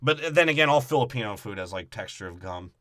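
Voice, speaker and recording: A man's voice: fairly low pitch, animated, fast talker, a bit bright, no echo. Dry-voiced man riffing crude jokes. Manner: riffing, mocking, joking. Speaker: podcast co-host. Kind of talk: crude casual banter.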